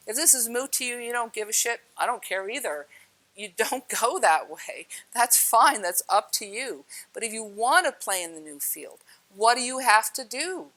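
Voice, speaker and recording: A woman's voice: fairly high pitch, pushed and bright. A woman giving a casual spiritual talk, blunt and direct, swearing offhandedly and asking her listeners questions. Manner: chatty, asks the listener questions. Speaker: spiritual speaker.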